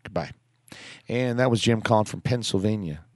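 Jokey talk show host, dry sound. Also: male voice, fairly low pitch, no echo. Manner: jokey, upbeat, quick asides. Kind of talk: casual radio chat.

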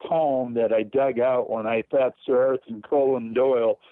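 A man calling in to a talk show, reading a poem slowly and carefully. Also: mid-range voice, steady tone, no echo. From Michigan. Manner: slow, measured reading. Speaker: caller. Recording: phone line.

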